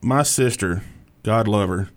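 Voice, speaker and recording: A man's voice: lowish voice, measured pace. Laid-back comedian, man. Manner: laid-back, rambling, laughs often. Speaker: stand-up comedian, guest. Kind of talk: casual interview chat.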